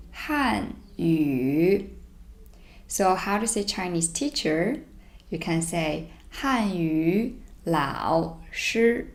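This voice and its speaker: A woman teaching a beginners' Mandarin lesson, reading each sentence twice slowly and explaining it in English. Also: lowish voice, gravelly. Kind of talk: language lesson.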